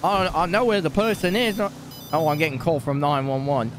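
A man with a high, animated voice complains and haggles, cursing freely and sounding fed up. Loud car and street noise from the game sits under him. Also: brisk. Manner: agitated, swearing, haggling. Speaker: streamer playing a street dealer character. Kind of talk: role-play phone calls.

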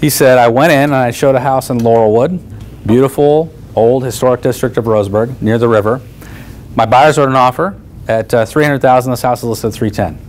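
A man's voice: medium pitch, fairly quick, a little hiss or hum. A man, working as a real estate coach, teaching negotiation through stories and acting out both sides of each conversation. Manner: animated, acts out both sides of dialogues.

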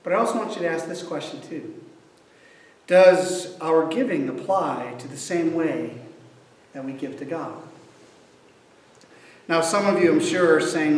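A man's voice: on the high side, expressive, a little slow, long pauses. A male pastor delivering a sermon, telling a story with acted voices, in an echoey church, heard from far off.

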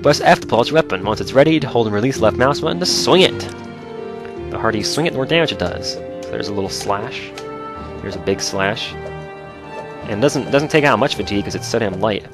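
A man giving excitable, joking commentary while playing a video game. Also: lowish voice. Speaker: let's play host. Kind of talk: casual gameplay commentary.

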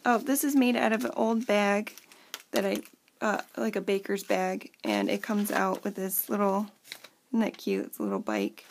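A woman's voice: mid-range voice, expressive, normal speed, vocal fry, a little hiss or hum. A woman in her thirties at home, casually showing off a handmade journal in a chatty way with lots of fillers. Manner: chatty, lots of fillers, talks to kids off camera. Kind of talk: casual show-and-tell.

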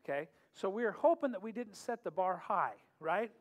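Middle-aged man, pastor host, high-pitched, casual and joking, echoey church with faint music. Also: animated, normal speed. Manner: joking, chatty, laughs often. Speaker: pastor hosting a worship night. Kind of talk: casual humorous talk and prayer. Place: church sanctuary. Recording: long hall reverb, faint music.

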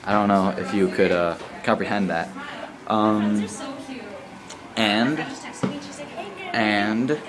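A man's voice: fairly low pitch, steady tone, slow, pauses often. A man, a stage actor, playfully rambling and joking in a casual vlog from backstage at a theater. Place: theater backstage among cast. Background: chatter of a crowd backstage.

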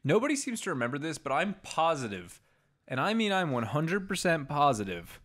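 A man's voice: a little high, very animated, a little fast, fairly bright tone. Podcast cohost dude, jokey, leans hard on his points. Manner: emphatic, jokey and insistent. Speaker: podcast co-host. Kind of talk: casual podcast chat.

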